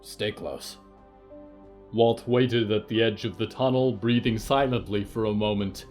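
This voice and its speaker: A man narrating a dark fiction podcast in a measured, even storytelling voice. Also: on the low side, faint music behind. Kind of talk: scripted narration of horror fiction.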